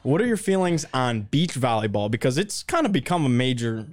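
A man's voice: medium pitch, big pitch swings, brisk, no room sound, clean studio sound. A man hosting a podcast, asking a guest easygoing questions. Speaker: podcast host. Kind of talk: casual podcast chat.

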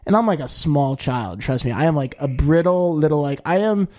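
Male podcast guest, somewhat high voice, chatty rambling storyteller. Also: fairly quick. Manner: rambling and animated, heavy use of "like", jumps to high-pitched quoted voices. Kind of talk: casual storytelling.

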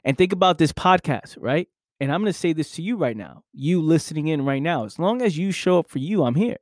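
A man's voice: a little high, lively intonation, brisk, dry recording, clean studio sound. A man hosting a podcast, giving an earnest, emphatic motivational talk, repeating key phrases and swearing casually. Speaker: podcast host. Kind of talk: motivational monologue.

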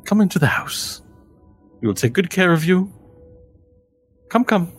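A man's voice: animated, unhurried, faint music behind. A man voicing a formal, welcoming male impresario of a pleasure house in a tabletop game, speaking in a theatrical, courtly manner. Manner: smooth, theatrical, welcoming, raised pitch.

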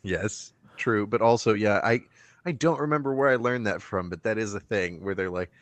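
A man's voice: on the low side, normal speed, no room sound. A man in casual podcast chat, joking and swearing with friends. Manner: joking, profane banter. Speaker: podcast co-host.

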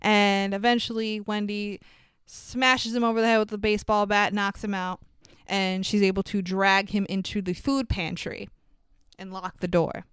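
A woman's voice: medium pitch, little pitch movement, normal speed, fairly bright tone, smooth, no room sound, clean studio sound. A woman co-hosting a podcast, recapping a movie in a chatty, swearing, laughing way. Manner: chatty, swears, laughs often, acts out quotes. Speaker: podcast co-host.

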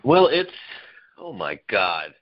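A man's voice: fairly low pitch, slow pace, dry recording, highs cut off. A man chatting casually as a podcast guest, rambling and laughing as he tells family stories. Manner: rambling, laughing, lively storyteller. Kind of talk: casual chat.

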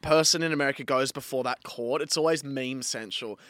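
A young man co-hosting a podcast, chatting casually, swearing and telling an animated story. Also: medium pitch, fairly quick, dry recording, clean studio sound. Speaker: podcast co-host. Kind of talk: casual chat.

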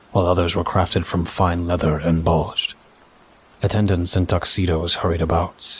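A man narrating a first-person story in a measured, dry way. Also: low-pitched, husky.

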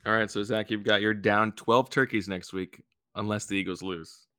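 Low-voiced man hosting a casual podcast. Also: steady tone, moderate pace, pushed and bright, no echo, clean studio sound. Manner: playful, tells jokes, auctioneer-style calls. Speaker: podcast host running a bidding game. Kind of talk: casual chat.

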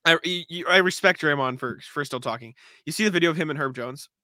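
A man with a fairly high, bright, forceful voice co-hosts a sports podcast over a remote call. He laughs often and stumbles through quick restarts. The sound is dry and close. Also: dry recording. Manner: laughs easily, thinks on the spot with restarts. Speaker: podcast co-host. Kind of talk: casual sports podcast chat. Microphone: remote call, muted at times.

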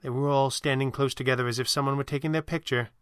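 Bright-voiced male storyteller. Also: medium pitch, steady tone, fast, clean tone, dry recording, clean studio sound. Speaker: narrator. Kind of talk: audiobook-style adventure narration.

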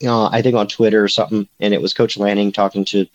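A man's voice: on the low side, little pitch movement, quick pace, muffled recording. A man co-hosting a casual sports podcast, rambling with lots of fillers and restarts. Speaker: podcast co-host, recruiting beat reporter.

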